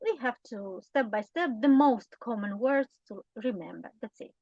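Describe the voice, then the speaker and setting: A woman's voice: on the high side, animated, moderate pace, darkish tone, no echo, muffled recording. A woman with a Romanian accent teaching a grammar lesson, explaining patiently and often checking in with short tag questions. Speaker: language teacher.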